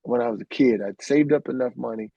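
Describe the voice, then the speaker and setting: A man's voice: medium pitch, fast talker, vocal fry, mellow, no room sound. A middle-aged man from Arkansas, an interview guest, telling rambling anecdotes peppered with "man". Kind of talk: casual storytelling interview. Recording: dry, dull lo-fi sound.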